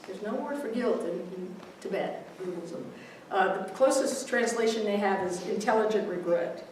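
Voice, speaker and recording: A woman minister with a medium-pitched voice talks at normal speed through a casual, warm sermon, mixing readings with a humorous story and laughing at her own humor. Her voice comes from a distance in a very echoey hall holding a congregation, with a little hiss or hum.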